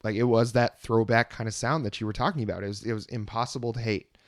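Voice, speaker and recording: A man co-hosting a music podcast, talking in a relaxed, rambling way in casual chat. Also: mid-range voice, fast, no room sound, clean studio sound. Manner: relaxed, rambling, many "you know" fillers. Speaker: podcast co-host.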